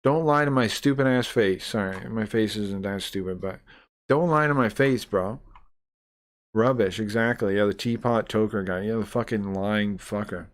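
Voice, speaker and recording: Smooth-voiced man ranting on stream. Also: lowish voice, normal speed. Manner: indignant, profane, rambling retelling. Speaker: livestreamer.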